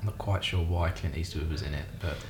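Scottish guy chatting movies, lowish voice, roomy echo and faint hiss behind. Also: fairly quick. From Scotland. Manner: laid-back, chuckling, trails off mid-sentence. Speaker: podcast co-host. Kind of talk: casual chat.

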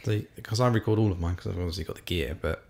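An English man hosting a podcast, trading quick, playful banter in a casual chat. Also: sits low, vocal fry, a little mellow.

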